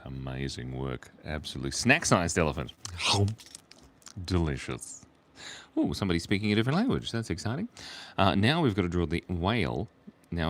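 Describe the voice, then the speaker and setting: Australian man, deep voice, very animated intonation, playful live-stream chatter, soft murmuring while drawing. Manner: playful, reads chat aloud, murmurs softly while drawing.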